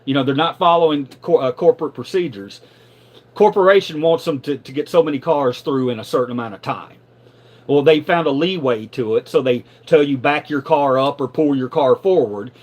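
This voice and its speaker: A middle-aged man on a live stream telling a story casually, animated and profane, stumbling over repeated words when riled up. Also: fairly high pitch, normal speed.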